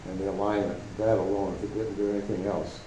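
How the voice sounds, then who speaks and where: A man's voice: low voice, little pitch movement, fast. A man at a club meeting, casually and hesitantly explaining his telescope setup. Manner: hesitant, many fillers and restarts. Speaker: club member. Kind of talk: casual chat. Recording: roomy meeting hall, faint hum.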